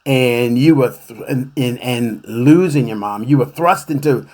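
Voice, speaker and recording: Man, radio host, mid-pitched voice, reflective, halting delivery. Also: a little mellow. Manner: reflective, hesitant with many fillers and restarts. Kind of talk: radio interview.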